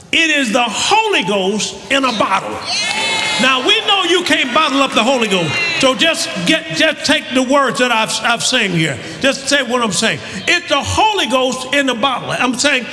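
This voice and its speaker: A male pastor preaching a sermon, shouting and repeating words as he builds up. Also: very high voice. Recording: echoey hall with audience noise.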